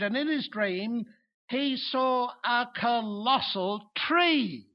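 Male preacher, high voice, emphatic sermon delivery, muffled lo-fi recording. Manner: emphatic, swelling to loud exclamations. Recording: dull lo-fi recording.

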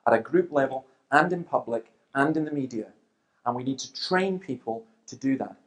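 A man's voice: medium pitch, expressive, normal speed. A middle-aged man speaking to a church audience, telling stories with quoted exchanges and asides. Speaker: Christian speaker.

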